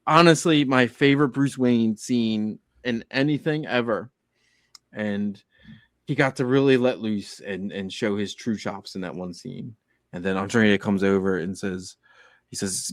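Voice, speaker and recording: A man's voice: on the low side, steady tone, moderate pace, no echo, studio quality. A man co-hosting a casual podcast, telling heartfelt stories and acting out quoted lines. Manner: earnest storytelling, acts out quotes. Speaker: podcast co-host.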